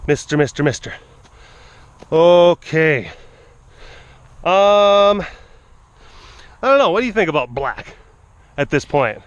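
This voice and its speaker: In a dry, lo-fi recording, a big cat keeper speaks casually to camera and coaxes the animals with repeated, playful phrases, now and then dropping to a hush. His slightly high voice is sing-song, at a moderate pace with frequent pauses.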